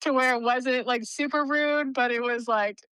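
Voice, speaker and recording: Bright, clear-voiced woman telling stories. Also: sits high, steady tone, moderate pace, no echo, low-quality recording. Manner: chatty, lots of "like", laughs while telling stories. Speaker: nonprofit CEO, podcast guest. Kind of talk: casual interview storytelling.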